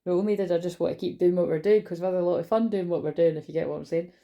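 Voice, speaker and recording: A woman's voice: on the low side, racing, warm tone, highs cut off. A young woman giving a casual, rambling tarot reading, chatty and swearing freely. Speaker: tarot reader.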